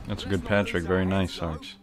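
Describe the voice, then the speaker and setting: A man's voice: low voice, fairly even intonation, a little fast, soft background music. A man streaming a video game, chatting casually with lots of fillers and restarts. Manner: rambling, many fillers and restarts, banter with chat. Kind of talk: casual chat while gaming.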